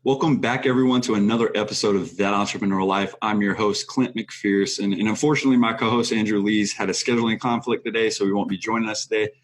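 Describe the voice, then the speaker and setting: A man's voice: fairly low pitch, steady tone, fast talker, few pauses. A man hosting a podcast interview, talking loosely with many fillers and self-corrections. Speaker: podcast host. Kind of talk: casual interview.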